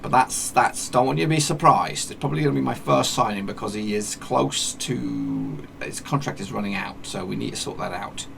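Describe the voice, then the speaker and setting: Male gaming host, mid pitch, gravelly, loose self-correcting play-by-play, faint hiss on the recording. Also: moderate pace, few pauses, a bit bright. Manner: rambling, self-correcting chatter with mock match commentary. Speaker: gaming YouTuber. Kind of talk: casual game commentary.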